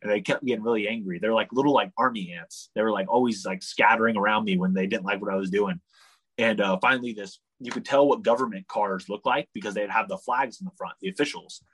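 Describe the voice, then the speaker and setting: Young man, casual storytelling, husky, lowish voice, animated, says "like" a lot. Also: fast, poor audio. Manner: animated, leans on "like" a lot, acts out the people he quotes. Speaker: guest telling a travel story.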